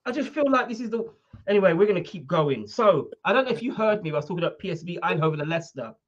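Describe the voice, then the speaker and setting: A woman co-hosting a football talk livestream, her voice swinging widely in pitch as she drives her points home. She talks with emphatic energy and pushes on through interruptions. The sound is dull and lo-fi, coming over a weak internet link. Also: animated, rapid-fire. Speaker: co-host of a football discussion show. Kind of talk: casual sports chat on a livestream.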